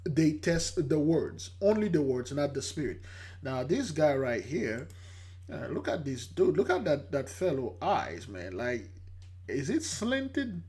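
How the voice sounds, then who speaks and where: A man with a fairly high, unhurried voice hosts a religious channel and offers emphatic, casual commentary on a news clip. He's animated and acts out the voices he quotes.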